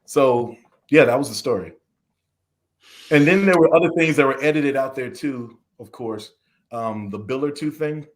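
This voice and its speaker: A frustrated, long-winded podcast guest from the American South speaks at medium pitch and a moderate pace. He talks at length and performs the questions he was asked as he quotes them.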